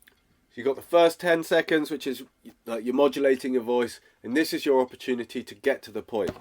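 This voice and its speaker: A man's voice: mid-range voice, a little fast, darkish tone. A man, teaching sales in a direct, casual way and often checking in with "okay?". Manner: direct, acts out phone calls, checks in with "okay?". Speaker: sales coach.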